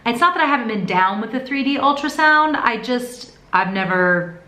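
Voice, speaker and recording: A woman talking to camera in a casual vlog, telling her story in a chatty, expressive way. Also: fairly high pitch, moderate pace. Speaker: vlogger. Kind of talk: casual pregnancy update vlog. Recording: echoey room.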